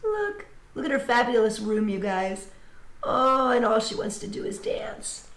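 A children's entertainer reads a picture book aloud, her voice bright-pitched and swooping all over as she tells the story. She stops to chat with the young listeners about the pictures, and the room gives her voice a clear echo. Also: normal speed, a little hiss or hum. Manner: animated storyteller, chats to kids. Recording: roomy echo.

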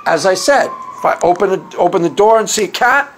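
A man's voice: sits high, animated, brisk, slight background noise. A man hosting his own video as a Christian apologist, arguing his case in a sarcastic, combative monologue with frequent restarts. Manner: argumentative, sarcastic, mocks opponents' views; repeats and restarts phrases. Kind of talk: opinionated monologue to camera.

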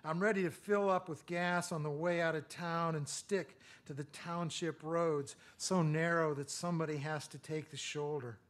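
A middle-aged man giving a lecture, reading his own poems in a measured rhythm and breaking off for hesitant asides full of fillers. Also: fairly high pitch, fairly even intonation. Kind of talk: poetry reading with spoken asides.

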